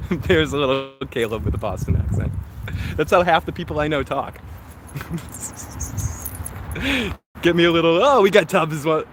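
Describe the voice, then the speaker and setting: A man with a slightly high, very animated voice speaks at a measured pace with long pauses. He hosts a casual live-stream review while walking through a park, rambling, correcting himself and chatting as he goes. Outdoor traffic noise can be heard.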